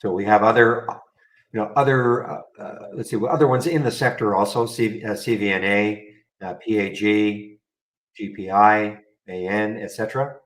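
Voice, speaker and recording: A man's voice: on the low side, fairly even intonation, normal speed, poor audio. Wry man hosting trading stream. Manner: rambling, wry, talks to chat viewers. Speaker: trading room host. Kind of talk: live market commentary.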